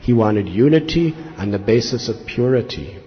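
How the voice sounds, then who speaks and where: A man's voice: medium pitch, expressive, moderate pace, soft background music. A man giving a devotional sermon as a monk, telling scripture stories earnestly and acting out quoted lines with rising intensity. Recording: slightly dull lo-fi recording with faint noise.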